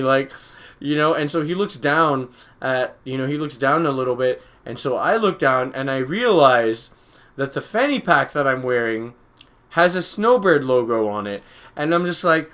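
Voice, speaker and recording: A man's voice: on the high side, lively intonation, moderate pace, fairly bright tone. A young man from Utah, a DJ hosting a live stream, rambling through a story in casual chat, full of "like" and "you know".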